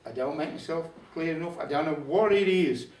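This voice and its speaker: At a folk club, a Black Country storyteller, an older man, entertains a live crowd with a funny folk tale and dry, wry asides. His voice is on the high side, a little mellow, and brisk, captured from afar in a roomy hall.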